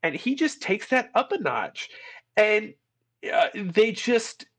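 Husky man excitedly retelling a film. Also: high-pitched, slow. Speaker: podcast co-host. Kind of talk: casual film review chat.

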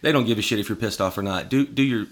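A middle-aged man as podcast guest, telling stories in an animated, profane casual chat. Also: fairly low pitch, quick pace.

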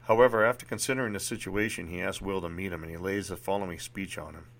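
A man's voice: low voice, fairly even intonation, quick pace, a bit bright. A man reading his personal memoir aloud in a candid, reflective way, with occasional restarts.

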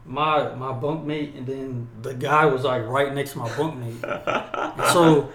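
A young man co-hosting a podcast, telling profane, animated stories in casual chat and acting out yelling drill instructors. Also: medium pitch, unhurried, echoey room, a crowd in the background. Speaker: podcast co-host.

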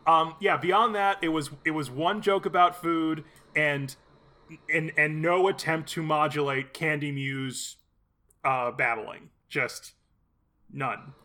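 A man's voice: a little high, fairly even intonation, slow pace, bright, forceful tone. A man in casual podcast chat, bluntly critical and full of fillers.

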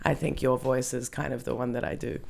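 A woman's voice: very deep voice, level tone, a little fast, creaky, a little mellow. A woman from New Zealand hosting a casual comedy podcast, talking chattily with lots of fillers and restarts. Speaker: podcast host.

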